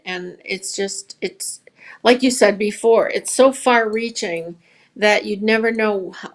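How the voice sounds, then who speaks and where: Earnest woman with a gravelly voice. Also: medium pitch. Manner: earnest, storytelling. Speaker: yarn shop owner, guest. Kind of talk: casual podcast conversation.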